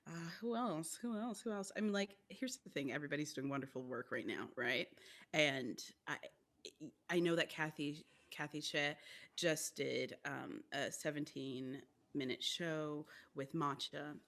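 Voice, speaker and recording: Brief: woman theatre artist as podcast guest, lower voice, rambling and playful. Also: unhurried. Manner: rambling, animated, playful asides. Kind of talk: casual chat.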